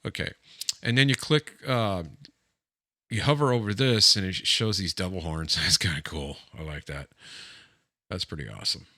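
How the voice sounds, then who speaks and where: A man casually demonstrating guitar software on screen, thinking aloud with lots of fillers and easily pleased by each feature. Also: low voice, normal speed, pauses often, no room sound, clean studio sound. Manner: easily delighted, keeps saying it's cool. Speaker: gear reviewer walking through software. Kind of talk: casual screen-share demo.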